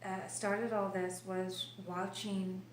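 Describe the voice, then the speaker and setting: A woman vlogging about her illness in her kitchen, telling her story with animated gestures and sometimes dropping to a quiet whisper. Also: mid-range voice, takes it slowly. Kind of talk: personal video diary. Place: kitchen of an old house. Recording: roomy, distant mic with faint noise.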